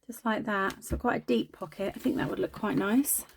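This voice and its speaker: A woman's voice: mid-range voice, steady tone, moderate pace, vocal fry, a little hiss or hum. A woman chatting casually while crafting, self-deprecating and talking as she works. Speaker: craft video host.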